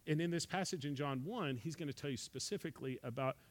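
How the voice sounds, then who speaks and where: A man's voice: on the high side, fast. Casual-talking male Bible teacher. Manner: conversational, many asides of "right?"; acts out quoted speech in dialogue.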